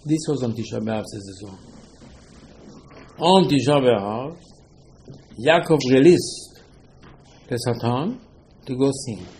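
A man's voice: mid-range voice, lively intonation, takes it slowly, pauses often, a little mellow, slight background noise, low-quality recording. A man teaching a Torah lesson as a rabbi. He speaks emphatically in slightly broken English and keeps firing rhetorical questions.

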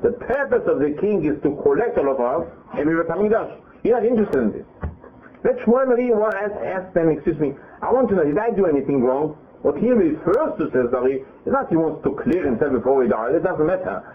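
A man teaches a Torah lesson, acting out the scripture as back-and-forth dialogue and often restarting mid-sentence. His fairly high voice leaps about in pitch as he talks. The sound is thin and tinny, like a phone line. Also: fairly quick, few pauses. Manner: lively, retells scripture in quoted dialogue, frequent restarts. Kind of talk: animated Torah class.

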